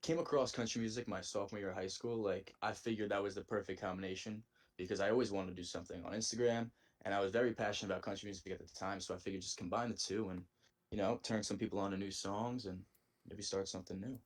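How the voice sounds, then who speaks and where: Easygoing young male guest, low voice. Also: fairly even intonation, fast talker. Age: young adult. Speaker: podcast guest. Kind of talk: casual interview answers.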